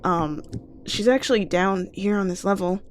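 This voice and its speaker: A woman's voice: mid-range voice, normal speed, soft background music. A woman playing in a tabletop game, speaking in a friendly, slightly hesitant way. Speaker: player. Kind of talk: in-character tabletop play.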